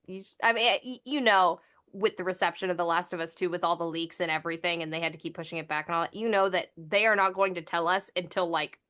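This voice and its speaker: Bright-voiced woman chatting and laughing. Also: on the low side, quick pace, few pauses, clean tone. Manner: animated, laughs a lot, swears freely. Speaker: host. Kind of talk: casual podcast chat.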